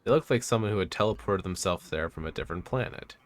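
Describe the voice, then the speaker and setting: Deep-voiced man reading game text. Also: expressive. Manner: halting reading with stumbles and asides. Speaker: streamer reading a game aloud. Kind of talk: reading narrative game text aloud on stream.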